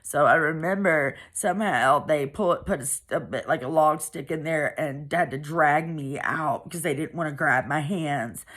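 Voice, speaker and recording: Low, husky woman recounting her past. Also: a bit bright. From Pennsylvania, US. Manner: halting and emotional, with many restarts and fillers. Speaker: survivor telling her story. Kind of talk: personal testimony.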